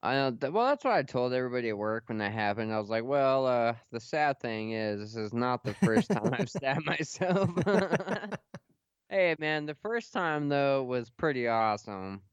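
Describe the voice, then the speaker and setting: A man's voice: mid-range voice, expressive, moderate pace, clear, resonant tone, dry recording, lo-fi sound. A young man hosting a casual podcast, swearing and laughing as he tells stories. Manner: profane, laughing storyteller. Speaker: podcast host.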